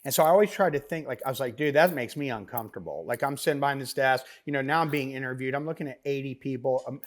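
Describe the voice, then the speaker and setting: A middle-aged man, a business founder, telling stories as a podcast guest in a rambling, animated way with many fillers and asides. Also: medium pitch, fast talker. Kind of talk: casual interview storytelling.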